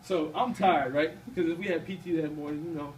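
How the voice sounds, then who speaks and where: Fast-talking young man giving a testimony. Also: fairly high pitch, steady tone. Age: 20s. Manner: casual and conversational, often asking "you know what I mean". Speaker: student speaker at a campus ministry event. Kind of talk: personal faith testimony. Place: event room at a campus gathering. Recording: distant mic with faint background noise.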